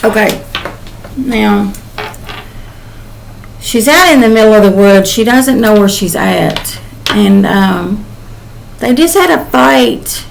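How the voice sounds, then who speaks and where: A woman's voice: medium pitch, expressive, takes it slowly, creaky, long pauses, a little hiss or hum, poor audio. An older woman, a psychic channeler, giving a casual spoken reading in a rambling, emotional way with many "um"s.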